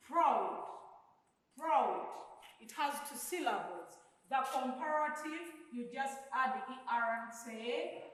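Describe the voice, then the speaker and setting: A woman teaching grammar at a very unhurried pace, saying each key word twice so pupils can follow. Her voice sits somewhat high. It rings out with a long, roomy reverb, as if recorded in a large bare hall. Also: fairly bright tone. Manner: slow, deliberate, repeats key words for pupils. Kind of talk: recorded English grammar lesson.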